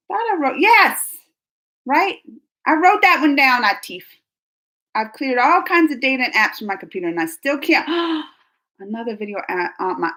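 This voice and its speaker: A woman's voice: high voice, sharp tone. A young woman hosting a casual live stream, chatting with viewers in a rambling way, laughing often and restarting her sentences. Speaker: reaction channel host reading live chat.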